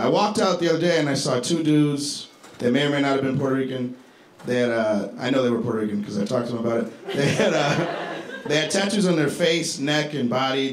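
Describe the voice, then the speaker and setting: A man from Chicago doing a stand-up comedy set on a club stage, with a laid-back, deadpan delivery and profane asides. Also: medium pitch. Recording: echoey club with crowd noise.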